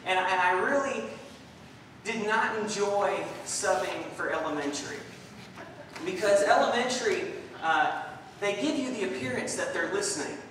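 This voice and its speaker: A young man preaching a sermon in a church, telling stories in an animated way and acting out the voices in them. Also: high-pitched, moderate pace. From Southern California. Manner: animated storytelling, acts out voices in anecdotes. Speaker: guest preacher. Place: church sanctuary. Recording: distant, echoey hall recording with faint noise.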